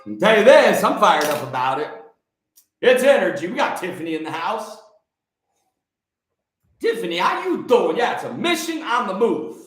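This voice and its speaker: A man's voice: high voice, normal speed, long pauses. Fired-up preachy man in his forties. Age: 40s. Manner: excitable, preachy, greets viewers by name, repeats phrases. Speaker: livestream host. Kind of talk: energetic livestream talk. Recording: very echoey room.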